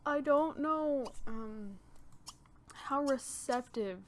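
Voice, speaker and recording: A woman's voice: high voice, very slow, slight background noise. Chatty young woman narrating her gameplay. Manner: chatty, thinks aloud with many fillers. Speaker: gaming channel host. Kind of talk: casual let's-play commentary.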